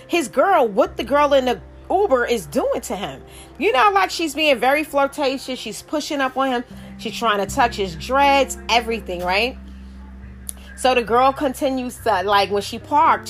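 A woman's voice: sits high, fairly bright tone. Middle-aged woman telling a rambling story. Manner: rambling, with many restarts and asides. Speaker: vlogger. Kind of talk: casual storytelling monologue.

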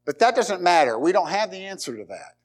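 A male pastor preaching a sermon in a fairly high voice. He speaks emphatically, repeats key words and throws rhetorical questions at his listeners. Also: big pitch swings, fairly quick.

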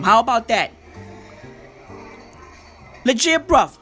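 Young woman ranting in profane slang for a comedy bit, high voice, slow delivery. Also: very animated, fairly bright tone, slightly rough, dry recording, faint music behind. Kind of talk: comedic character monologue.

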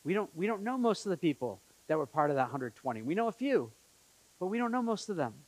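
Animated man preaching a sermon. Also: high-pitched, fast, dry recording, low-quality recording. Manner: animated, conversational preaching with acted-out quotes. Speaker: pastor. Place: church in Montreal.

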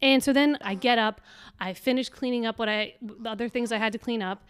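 Young woman co-host, casual chat, smooth and clear, acts out quotes as she tells it. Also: a little high, fairly quick, dry recording. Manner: animated storytelling, acting out quotes. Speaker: podcast co-host.

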